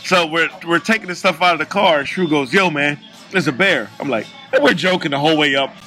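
A man co-hosting a casual chat, telling stories in an animated, joking way and acting out the people he quotes. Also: fairly high pitch, quick pace, faint music behind. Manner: animated, jokey, acts out quoted voices. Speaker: podcast co-host.

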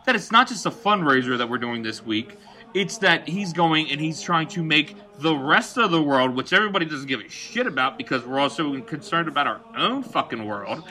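A man's voice: a little high, big pitch swings, fairly quick, sharp tone. A man co-hosting a casual bar-talk show, rambling and profane while giving his opinions. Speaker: podcast co-host.

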